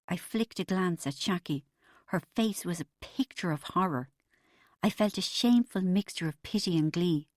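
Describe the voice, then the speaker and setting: A woman narrating an audiobook in the first person, wry and even. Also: lowish voice, moderate pace, dry recording, clean studio sound.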